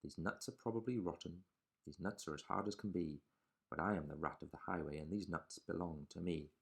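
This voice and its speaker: A man voicing a greedy, bullying male rat highwayman in a storybook reading, gruff and swaggering. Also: fairly quick, exaggerated voice.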